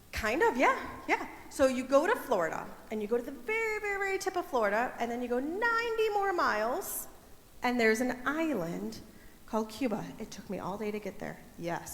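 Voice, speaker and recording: Animated woman teaching kids. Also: on the high side. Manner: animated, playful, coaxing kids to join in. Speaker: children's message leader. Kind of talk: children's sermon, teaching kids. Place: church sanctuary. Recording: echoey hall, faint room ambience.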